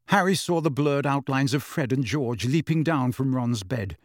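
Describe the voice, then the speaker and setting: A man reading a storybook aloud as narrator, in a steady, expressive storytelling manner. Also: medium pitch, moderate pace, no echo, studio quality. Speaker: audiobook narrator. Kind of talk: scripted narration.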